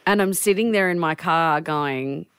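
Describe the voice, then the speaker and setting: A woman co-hosting a radio show, telling stories in an animated, chatty way and often laughing. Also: deep voice, unhurried, clean tone, dry recording, studio quality. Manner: animated storytelling with frequent laughs. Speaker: radio co-host. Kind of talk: casual chat.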